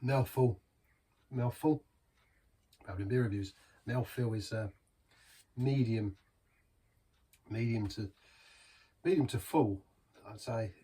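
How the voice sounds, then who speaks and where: Bloke chatting through a beer review, husky voice, mic a bit far off. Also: male voice, medium pitch, takes it slowly, long pauses, dark tone. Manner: chatty and rambling, savouring. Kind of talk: casual beer review vlog.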